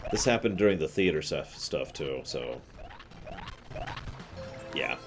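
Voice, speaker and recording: A man's voice: a bass voice, animated, slow pace, background noise. A man streaming a video game, giving casual commentary with chatty, offhand asides.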